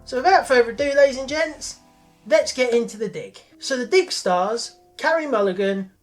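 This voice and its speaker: A woman's voice: a little high, animated, moderate pace, soft background music. Upbeat woman, vlog host, casual review chat. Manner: chatty, upbeat, repeats "ladies and gents". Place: bedroom at home.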